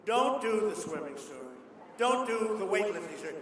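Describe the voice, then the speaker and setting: A man at a rally quoting his elegant wife gently scolding him. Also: high voice, lively intonation, normal speed. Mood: coaxing. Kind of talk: quoted voice in a rally speech. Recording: echoey hall, distant mic, noise.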